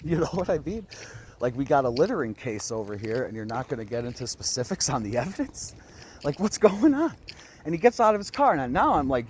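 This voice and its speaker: A young man vlogging on a walk outdoors, retelling a run-in in an animated way and acting out both sides. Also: mid-range voice, fairly quick, pauses often, slight background noise. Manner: animated, laughing, retells with quoted voices. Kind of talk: casual storytelling.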